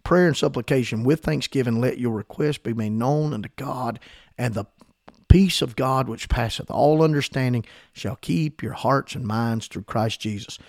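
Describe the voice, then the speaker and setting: Fervent preacher man with a gravelly voice. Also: mid-range voice, moderate pace, dry recording, studio quality. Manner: fervent, emphatic preaching with repetitions. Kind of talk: sermon.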